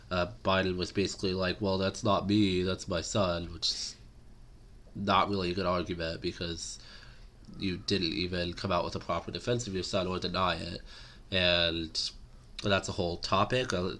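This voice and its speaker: Guy with a really low voice ranting casually about politics, lots of likes and ums. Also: fairly bright tone. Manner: rambling, opinionated, with many fillers. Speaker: political commentary vlogger.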